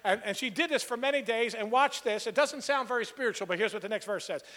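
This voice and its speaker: A man's voice: extremely high pitch, fast talker, a bit bright, long reverb tail. A man preaching an expository sermon, earnest and conversational, building to emphatic points. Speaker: pastor.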